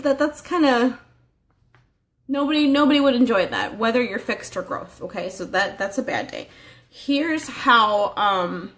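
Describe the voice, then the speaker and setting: A woman's voice: a little high, a bit bright. Earnest conversational woman coaching. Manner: earnest and conversational, with frequent restarts and rhetorical questions. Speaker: life coach. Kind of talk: casual motivational training talk.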